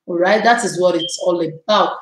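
A woman with a Nigerian English accent hosting a casual live stream, greeting viewers by name and chatting with drawn-out words. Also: fairly low pitch, echoey room, low-quality recording.

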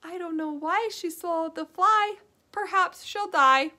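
Brief: young female preschool teacher, sing-song and unhurried, high-pitched. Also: sharp tone. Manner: sing-song, drawn-out phrasing for small children. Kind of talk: children's lesson and nursery rhymes.

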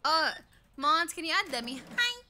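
A woman's voice: very high-pitched, very animated, normal speed, background noise. A woman streaming a game, chatting casually with her chat, swearing often and breaking into squealing laughs.

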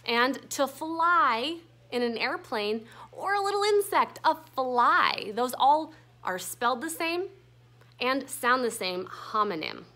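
A woman's voice: high-pitched, animated, takes it slowly, pushed and bright. A young woman teacher explaining a grammar lesson patiently, spelling words out letter by letter.

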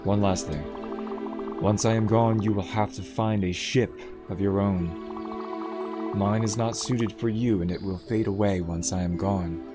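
A man's voice: on the low side, steady tone, lightly acted. A man reading Charon, an old solemn ferryman spirit. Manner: measured, grave farewell speech. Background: game music.

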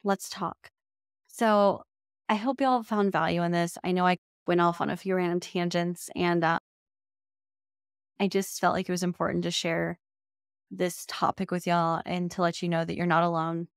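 A woman's voice: lowish voice, level tone, normal speed, dry recording. Heartfelt woman podcast host, dry sound. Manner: heartfelt, emotional, says y'all often. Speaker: podcast host and business coach. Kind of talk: casual solo podcast talk.

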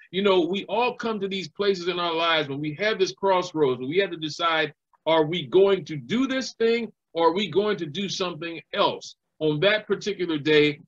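A man's voice: a little high, fairly bright tone, dull audio. A man, a living historian and educator, giving a recorded history lecture and telling stories, acting out the voices of people he quotes.

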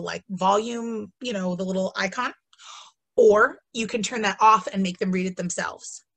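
A woman with a mid-range, slightly bright voice teaches a casual webinar, chatty and enthusiastic, full of ums and asides. She has the hiccups throughout this relaxed instructional talk.

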